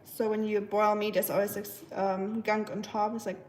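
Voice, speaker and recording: A woman's voice: mid-range voice, level tone, moderate pace. A woman hosting a casual live stream while cooking, chatting with viewers and answering chat, with a slightly nasal, stuffy sound, recorded on a propped-up phone in her home kitchen. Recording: echoey kitchen with clear cooking noise.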